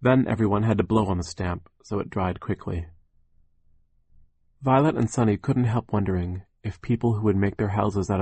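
A man narrating an audiobook with a wry, deliberate storytelling manner into a close mic. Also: lowish voice, warm tone, slightly rough. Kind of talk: scripted narration.

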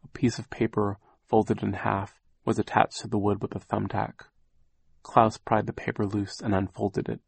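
A man reading a children's novel aloud as narrator, with measured, gently dramatic storytelling. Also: lowish voice, flat delivery, vocal fry, breathy edge, no echo. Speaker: audiobook narrator. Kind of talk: scripted narration.

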